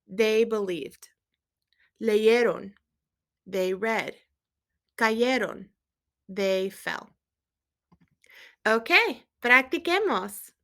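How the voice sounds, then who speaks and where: A woman teaching a Spanish lesson, quizzing viewers and gently checking their accent marks as she switches between English and Spanish. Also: mid-range voice. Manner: asks quiz questions and gently checks accents. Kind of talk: recorded language lesson.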